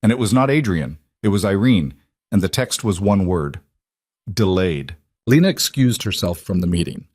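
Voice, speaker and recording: Low-voiced man narrating a story. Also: moderate pace, dry recording, clean studio sound. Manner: even, short declarative sentences.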